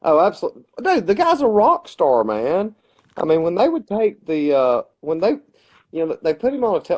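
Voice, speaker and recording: A man's voice: fairly high pitch, dull audio. A man co-hosting a casual podcast, chatting and retelling stories eagerly with lots of fillers and restarts. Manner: animated storyteller, retells debate moments with many fillers and restarts. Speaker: podcast co-host. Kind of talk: casual chat.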